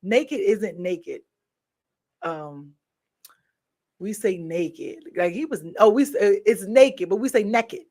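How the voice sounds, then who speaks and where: A woman's voice: mid-range voice, lively intonation, unhurried. Playful woman chatting with viewers. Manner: playful, laughs often, swings between loud and soft. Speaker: live stream host. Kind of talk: casual chat with viewers.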